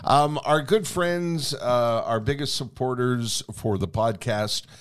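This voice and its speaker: A man co-hosting a podcast, telling a story in a casual, animated way and often laughing through his words. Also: mid-range voice, slow pace, clear, resonant tone. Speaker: podcast co-host.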